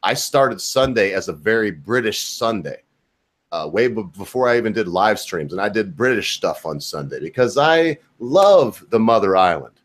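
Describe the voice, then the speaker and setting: Rambling, low-voiced American stream host. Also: male voice, sing-song, moderate pace. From United States. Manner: rambling, profane, jokey banter. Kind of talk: casual live-stream chat.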